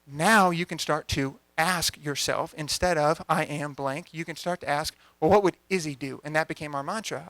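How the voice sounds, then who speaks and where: Young male coach, lively storyteller who voices the people in his story; slightly high voice, dry recording. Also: dry recording. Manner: energetic, conversational, acts out dialogue. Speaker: coach giving a talk. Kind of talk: storytelling talk to a live audience. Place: event venue.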